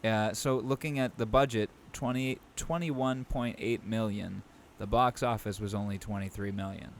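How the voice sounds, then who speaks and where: A man with a fairly low voice co-hosting a podcast, talking in a relaxed, meandering way full of ums and restarts. A faint hum of room noise sits behind him. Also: normal speed. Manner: relaxed, thinking aloud with many fillers. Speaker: podcast co-host. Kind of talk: casual chat.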